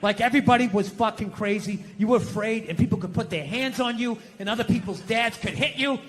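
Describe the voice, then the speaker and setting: An American man doing stand-up, ranting sarcastically with a lot of swearing and sudden shouted bursts, recorded live in a venue. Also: high-pitched, fairly quick. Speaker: stand-up comedian. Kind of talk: stand-up comedy set. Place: live comedy venue stage. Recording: echoey hall with loud crowd laughter. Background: audience laughter.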